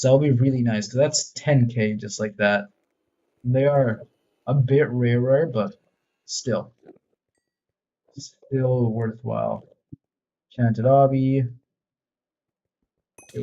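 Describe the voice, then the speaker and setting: Man, mid-pitched, casual gaming commentary with a self-mocking, rambling delivery; slightly muffled, lo-fi recording. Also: dark tone. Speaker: gaming video creator.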